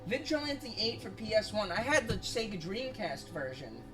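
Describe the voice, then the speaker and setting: Music plays behind this gaming stream, where the host speaks at a moderate pace in a sing-song, medium-pitched voice. They ramble casually, curse often, laugh a lot, and seem self-conscious about their own voice.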